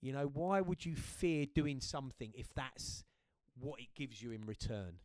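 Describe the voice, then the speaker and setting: A British man in his fifties, chatting on a podcast as a guest, telling stories in a lively way and often checking in with the listener. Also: mid-range voice, moderate pace, no echo. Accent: British English. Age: 50s. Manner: lively storyteller, checks in with "right?". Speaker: guest, host's father. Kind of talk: casual podcast chat.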